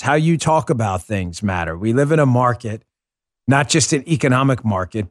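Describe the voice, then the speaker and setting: A man's voice: medium pitch, no room sound, studio quality. A man hosting a political commentary podcast, speaking emphatically, hammering his points with repeated catchphrases and now and then turning to his co-host. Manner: emphatic, repeats slogans for stress; talks to a co-host by name.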